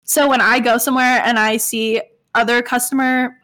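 A woman's voice: a little high, moderate pace. A young woman casually telling a story on a podcast, full of "I was like" quotes and fillers. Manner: animated, quotes people with "I was like", frequent fillers. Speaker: podcast co-host.

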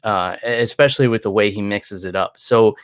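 A man's voice: on the low side, moderate pace, no echo, clean studio sound. A tired man chatting loosely as a podcast co-host, rambling with many restarts. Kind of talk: casual chat.

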